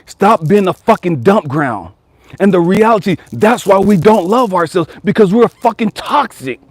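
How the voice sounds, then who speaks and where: A man's voice: high-pitched, lively intonation, normal speed, no echo. Blunt, profane preachy man, dry close sound. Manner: blunt, profane, preachy, mimics whiny voices. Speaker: life coach. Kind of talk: profane motivational rant.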